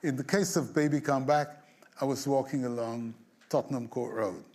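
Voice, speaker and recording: A man, a songwriter being interviewed, telling an anecdote in an animated way, acting out the scenes, humming bits of tunes and chuckling along. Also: medium pitch, normal speed. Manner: animated storyteller who acts out scenes and hums tunes; chuckles through his stories. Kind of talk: storytelling anecdote.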